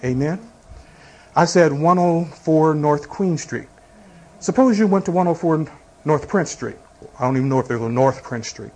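Pastor, male, high-pitched voice, preaches with rhetorical questions and everyday illustrations. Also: expressive, normal speed, a little mellow, a little hiss or hum. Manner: preaching with rhetorical questions and congregation call-outs. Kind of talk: sermon.

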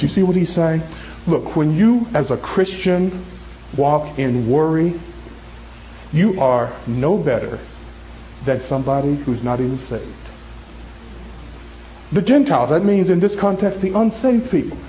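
A male pastor preaching with a voice pitched high for a man. His delivery is animated, climbing into excited high tones and dropping into soft, low ones. He acts out characters in short stories to make his points. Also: unhurried, pauses often, roomy sound, a little hiss or hum, rough recording. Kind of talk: sermon.

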